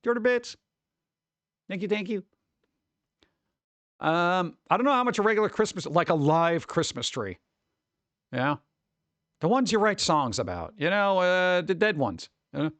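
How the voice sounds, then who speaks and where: New guy streaming, reads chat aloud, quick to exclaim, very expressive pitch. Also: no room sound. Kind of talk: casual live-stream chat.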